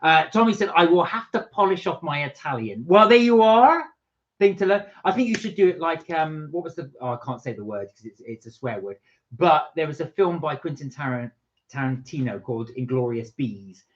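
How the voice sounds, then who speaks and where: A man's voice: a little high, lively intonation, a little fast. A man, co-hosting a casual live stream and upbeat as he reads out viewer comments. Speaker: co-host reading chat comments. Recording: dull lo-fi sound.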